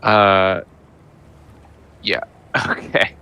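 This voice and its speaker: A man at a tabletop game who describes his character's moves at a very slow, halting pace. His voice is bright and forward, and he fills the gaps with ums and restarts. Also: deep voice, flat delivery, clean tone. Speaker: player.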